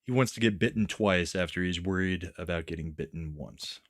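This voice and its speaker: A man's voice: low-pitched, a little fast, no echo, clean studio sound. A man co-hosting a podcast in casual, blunt, teasing banter. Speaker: podcast co-host.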